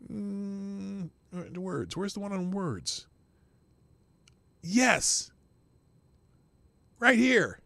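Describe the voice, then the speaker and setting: A man's voice: sits high, expressive, extremely slow, vocal fry, long pauses, pushed and bright, no room sound. A man hosting his own show, reading news articles aloud and breaking off with sarcastic asides, sometimes stumbling over words and laughing at himself. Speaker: podcast host.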